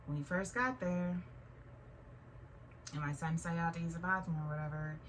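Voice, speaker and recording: A woman's voice: fairly low pitch, steady tone, normal speed. A woman in her thirties, telling a long casual story as a vlogger, rambling with many fillers and restarts. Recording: distant mic with faint noise.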